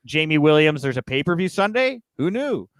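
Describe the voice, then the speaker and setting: Male podcast host, relaxed joking delivery, higher-pitched, dry close mic. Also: a little fast, no echo. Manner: loose and joking, with frequent fillers. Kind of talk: casual live news chat, reading viewer comments.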